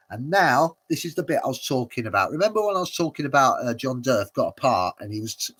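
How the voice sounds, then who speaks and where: Man, watch-along host, mid pitch, rambling, filler-heavy, chuckling. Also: a bit bright, slightly rough. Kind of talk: casual live commentary.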